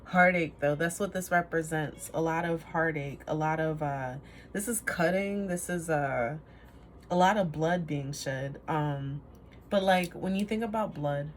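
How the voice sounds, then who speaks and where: A woman's voice: sits low, a little slow, a little hiss or hum. A woman giving a casual tarot reading to camera, rambling, trailing off and laughing at herself. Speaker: tarot reader.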